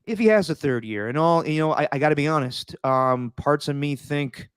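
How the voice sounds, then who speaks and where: A man's voice: a little high, normal speed, smooth, no room sound, clean studio sound. A man co-hosting a casual sports talk podcast, earnest and emphatic, repeating words when worked up. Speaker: podcast co-host.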